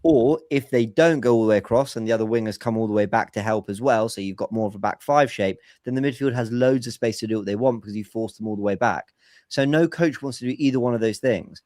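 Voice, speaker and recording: A man's voice: medium pitch, fast, darkish tone, dry recording, clean studio sound. A man hosting a casual football podcast over a remote call, talking analytically and explaining tactics at length. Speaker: podcast host.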